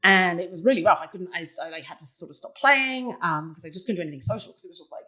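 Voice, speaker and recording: Chatty woman telling a story, low voice. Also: rapid-fire. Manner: chatty, many "like" fillers, animated retelling. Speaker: interview guest, poker player. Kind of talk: casual storytelling in conversation.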